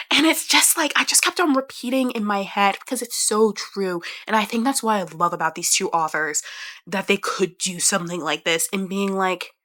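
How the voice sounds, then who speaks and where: A woman's voice: mid-range voice, normal speed, pushed and bright. A woman chatting to camera about a book she loved, emotional and rambling, swearing now and then and restarting her sentences. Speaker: book reviewer. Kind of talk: casual chat.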